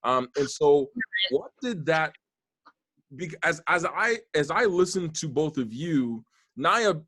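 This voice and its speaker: A man's voice: fairly high pitch, expressive, slow, pushed and bright, dry recording. A man hosting a podcast, talking earnestly and at length in a casual, rambling way with many restarts. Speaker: podcast host.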